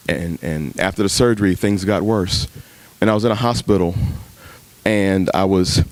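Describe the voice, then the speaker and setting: A male pastor preaching at a men's retreat, swinging his pitch up high to act out his own cries to God and dropping low for quiet stories. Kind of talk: sermon. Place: retreat gathering room.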